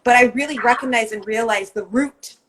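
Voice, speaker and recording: A woman with a slightly high voice talks in relaxed podcast chat. She rambles through a personal story with heavy emphasis and frequent swearing. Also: a little fast, slight background noise, low-quality recording. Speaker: co-host.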